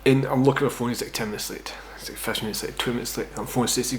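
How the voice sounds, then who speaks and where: A man's voice: mid-range voice, fairly even intonation, rapid-fire, few pauses, slight background noise. Profane, rambling Scottish man telling a story. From Scotland. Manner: rambling, profane, self-mocking, fond of "right?". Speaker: vlogger telling a personal story. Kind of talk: casual storytime monologue.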